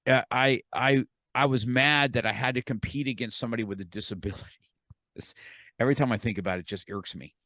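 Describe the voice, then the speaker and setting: A man's voice: mid-range voice, a little fast, fairly bright tone, no room sound. A middle-aged man who is a podcast guest, telling a story animatedly, repeating words and quoting himself and others.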